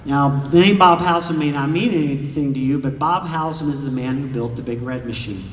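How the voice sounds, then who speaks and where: A man's voice: a little high, brisk. Storytelling man in an echoey hall. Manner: lively anecdotal storyteller, acts out dialogue. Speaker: author giving a library talk. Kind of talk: storytelling lecture to an audience. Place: large echoey lecture room. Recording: echoey hall from far off, faint hiss.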